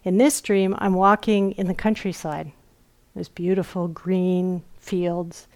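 A middle-aged woman giving a dharma talk as a meditation teacher. She tells stories gently and softly, dropping at times into a near whisper. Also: lowish voice, level tone. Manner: slow, gentle storytelling with soft whispered asides. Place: retreat center meditation hall.

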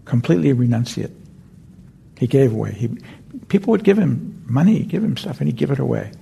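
A man giving a dharma talk as a meditation teacher in a meditation center hall, speaking gently and meandering, often correcting himself mid-sentence. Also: medium pitch, big pitch swings, a little fast, creaky, husky.

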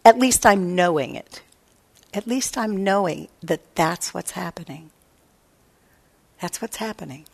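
Slow, reflective woman giving a dharma talk. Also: lowish voice, expressive, creaky, slightly rough. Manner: reflective, unhurried, quotes her own inner voice. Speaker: meditation teacher. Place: meditation hall.

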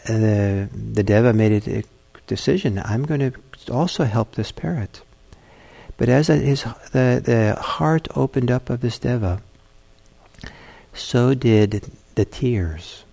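A man, a meditation teacher, giving a dharma talk and telling a fable in a gentle, halting way. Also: on the low side, vocal fry.

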